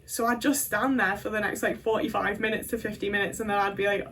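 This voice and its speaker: A woman's voice: mid-range voice, steady tone, fast, hardly any pauses, fairly bright tone, far from the mic, slight background noise. A woman telling a candid personal story, blunt and sweary. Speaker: video creator.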